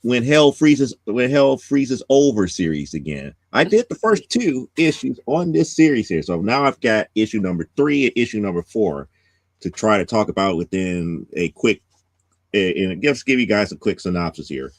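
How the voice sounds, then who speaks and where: A man's voice: on the low side, very animated, normal speed, dry recording. A man hosting a casual comics podcast, giving a rambling plot recap with many restarts. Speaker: podcast host.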